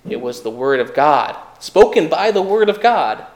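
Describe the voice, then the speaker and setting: A man's voice: fairly high pitch, sing-song, normal speed, reverberant. A man preaching a sermon in a conversational way, asking the listeners rhetorical questions.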